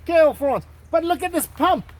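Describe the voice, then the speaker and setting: A man hosting a travel vlog, chatting excitedly and jokily as he walks around an outdoor estate. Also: very high voice, normal speed. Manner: excitable, jokey, mock salesman patter. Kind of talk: casual walking tour to camera.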